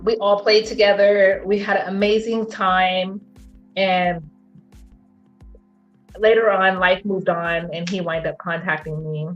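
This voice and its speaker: Lively middle-aged woman telling her love story. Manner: animated, acts out quotes in a high voice, laughs often. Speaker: guest. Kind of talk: casual storytelling interview. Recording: dull lo-fi sound with faint music.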